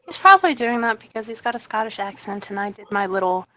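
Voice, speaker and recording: A woman's voice: medium pitch, lively intonation, fast, a bit bright. A woman playing a tabletop role-playing game, describing her character in a chatty, rambling way with many fillers. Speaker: player. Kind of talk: casual tabletop role-play narration.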